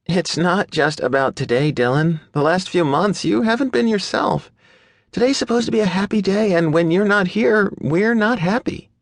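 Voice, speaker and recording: A man's voice: high voice, moderate pace, no room sound, studio quality, voice pushed up. A man reading an audiobook, voicing a snarky but affectionate young woman in a teasing manner. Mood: pleading. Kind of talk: audiobook character voice.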